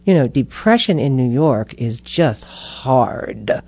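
Expressive woman with a dark, mellow voice. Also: a bass voice, slow, slightly rough. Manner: expressive, animated, acts out inner voices. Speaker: interview guest. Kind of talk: reflective conversational storytelling. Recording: dull muffled interview audio.

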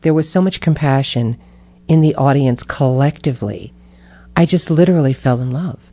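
Brief: expressive woman interviewee, dark mellow tone, slightly dull audio. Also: a bass voice, normal speed, dry recording. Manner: expressive, animated, acts out inner voices. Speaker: interview guest. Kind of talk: reflective conversational storytelling.

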